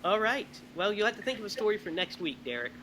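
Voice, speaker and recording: A man hosting a podcast, telling stories in a lively, animated way. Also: high-pitched, quick pace, slight background noise, poor audio. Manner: animated storyteller, laughs often. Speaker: podcast host. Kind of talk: casual chat.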